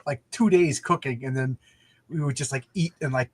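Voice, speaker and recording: A man's voice: mid-range voice, normal speed, breathy edge, no room sound. A man from New York hosting a casual livestream chat, rambling and chatty, often stuttering and repeating his words. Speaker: livestream host.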